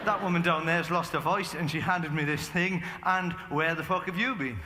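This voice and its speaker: A stand-up comedian with a high voice rambles through excitable crowd work and breaks into sudden shouts. His voice rings around a large, echoey theatre. The audience is loud behind him. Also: normal speed. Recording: echoey live theatre recording with crowd noise.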